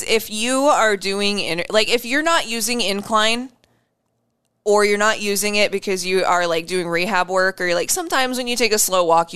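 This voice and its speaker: A woman co-hosting a casual fitness chat, blunt and animated, swearing freely as she gives coaching advice. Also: mid-range voice, clear, resonant tone.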